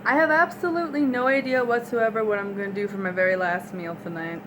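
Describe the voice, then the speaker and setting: A woman's voice: medium pitch, fast, background noise. A young woman vlogging in her home kitchen, talking casually into the camera mic in a rambling way and laughing often. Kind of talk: casual chat.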